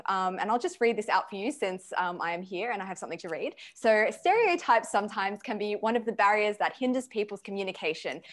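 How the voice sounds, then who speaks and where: A woman hosting an online award ceremony over a video call. She reads out award notes in a friendly way, with filler words along the way. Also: medium pitch.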